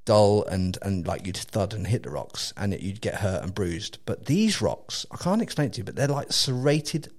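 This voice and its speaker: A man in his thirties from England with an English accent, hosting a podcast and telling a story in casual, animated chat, laughing often and swearing freely. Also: on the low side, moderate pace, hardly any pauses. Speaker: podcast host.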